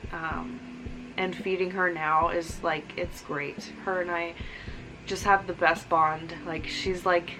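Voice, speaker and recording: A woman's voice: lowish voice, fairly even intonation, slow, music in the background, poor audio. A young woman, a new mother, talking earnestly in a casual vlog, rambling with fillers and near tears. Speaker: vlogger, new mom. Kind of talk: casual heartfelt vlog talk.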